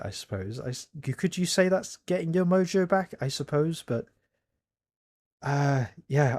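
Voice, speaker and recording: A man's voice: mid-range voice, darkish tone, dry recording, clean studio sound. A man hosting a reaction video, talking casually and correcting himself as he rambles. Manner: rambling, self-correcting, candid.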